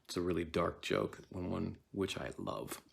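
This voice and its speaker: A man giving a casual, animated lecture on a play, often acting out its lines. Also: sits low, normal speed, creaky. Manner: conversational, animated, acts out lines.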